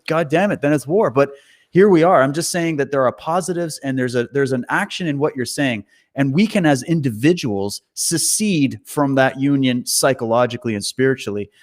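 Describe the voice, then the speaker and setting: A man from Canada in casual conversation, telling an animated story and bluntly swearing as he goes. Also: mid-range voice. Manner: animated storyteller, acts out quoted voices. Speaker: guest.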